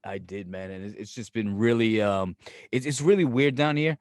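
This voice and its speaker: Profane, animated middle-aged New York man. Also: fairly low pitch, moderate pace, clean tone, no room sound. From Brooklyn, New York. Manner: profane, animated storytelling with acted-out quotes. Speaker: podcast co-host. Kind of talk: casual chat.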